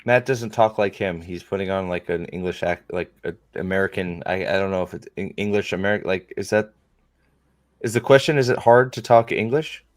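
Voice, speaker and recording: A man with a fairly low voice hosts a casual reaction video. He rambles and restarts his sentences and wanders off into loose asides as he thinks out loud. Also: brisk, no echo.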